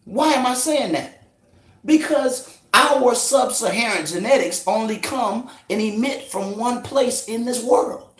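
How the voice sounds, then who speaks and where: A man giving a confrontational street lecture, forcefully grilling his listeners with profanity. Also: very high-pitched, lively intonation, a little slow, echoey room. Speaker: street teacher debating a crowd.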